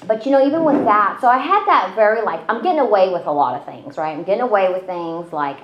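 A woman's voice: mid-range voice, expressive, quick pace, background noise. A woman telling her own story in casual conversation, chatty and self-deprecating, with lots of fillers. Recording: roomy, slightly dull audio.

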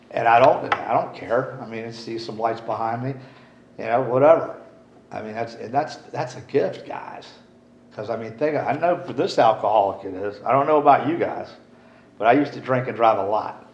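Rambling low-voiced man in a roomy hall. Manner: rambling, candid, swears casually. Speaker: speaker at a recovery meeting. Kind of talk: recovery share talk. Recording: roomy, dull, faint hiss.

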